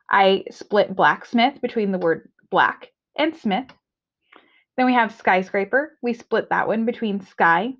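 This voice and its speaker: A woman teacher giving a reading lesson from home, explaining in a friendly way and checking in with frequent "okay"s. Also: mid-range voice. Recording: dull lo-fi recording.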